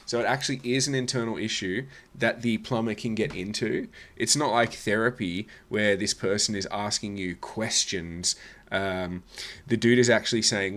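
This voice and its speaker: A man's voice: fairly low pitch, normal speed, fairly bright tone. An Australian man hosting a reaction video with blunt, scornful, sarcastic commentary.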